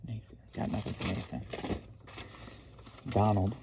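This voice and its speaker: A man's voice: lowish voice, fairly even intonation, measured pace, vocal fry, noisy background. A man from St. Louis, Missouri, chatting casually at home, joking and riffing playfully on names as he goes. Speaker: online reseller. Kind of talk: casual rambling chat.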